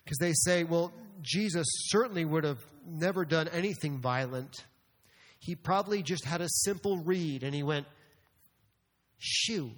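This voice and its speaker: A man preaching a sermon as a pastor, animated and rising to emphatic outbursts. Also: on the high side, normal speed. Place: church sanctuary. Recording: long reverb of a church hall.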